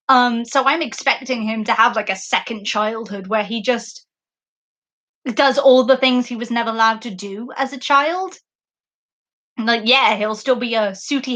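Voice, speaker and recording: A woman's voice: on the high side, sharp tone. A young woman hosting a podcast live stream, chatting casually and enthusiastically in a rambling way, full of fillers, on a basic microphone. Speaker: podcast host. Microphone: basic makeshift microphone.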